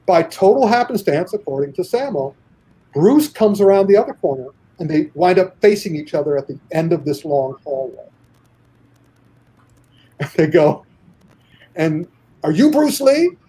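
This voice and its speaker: Male podcast guest, animated storyteller who acts out quotes; mellow, husky timbre. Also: fairly high pitch, moderate pace, long pauses, rough recording. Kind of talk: casual podcast anecdote.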